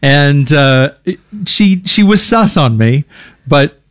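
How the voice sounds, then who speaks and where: A middle-aged man telling stories in a casual chat, animated and laughing often. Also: on the high side, takes it slowly, no echo, clean studio sound. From outside Australia.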